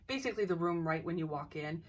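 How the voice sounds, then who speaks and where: A woman's voice: on the low side, lively intonation, fast, distant mic. A young woman casually telling a ghost story, hesitant, with many restarts and dips into near-whispers.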